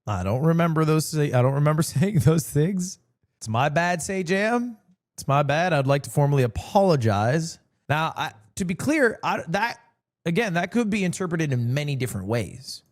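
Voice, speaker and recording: A male streamer chatting casually with his viewers, his voice sitting a bit high for a man. He jokes his way through stories, and his pitch leaps around in a lively, animated way. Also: normal speed. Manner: joking, animated storytelling with sudden pitch jumps.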